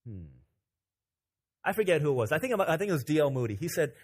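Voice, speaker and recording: A man preaching a sermon as pastor, telling stories in an animated, joking way. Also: on the high side, fast talker, breathy edge.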